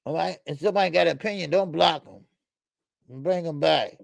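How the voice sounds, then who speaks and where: A man hosting a casual boxing talk stream, animated and profane, rambling through stories, laughing and answering the chat. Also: on the high side, fairly quick, vocal fry, dry recording. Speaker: boxing talk show host. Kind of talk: casual live-stream commentary.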